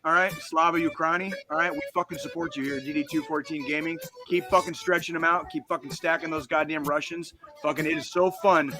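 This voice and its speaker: A man's voice: a little high, fairly even intonation, brisk, hardly any pauses, music in the background. A man from the United States co-hosting a gaming podcast, ranting heatedly and swearing constantly in casual chat. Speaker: podcast co-host.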